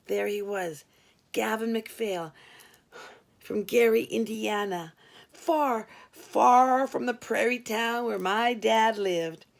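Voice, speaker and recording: Slow, gravelly woman reading a story. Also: fairly high pitch. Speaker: audiobook narrator. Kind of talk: first-person story reading.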